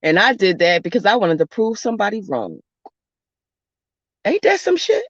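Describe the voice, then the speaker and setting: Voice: mid-range voice, wildly swooping pitch, normal speed, no room sound. A spiritual vlogger talking bluntly and casually, swearing and rambling through stories. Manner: blunt, profane, rambling storyteller. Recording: dull lo-fi dry recording.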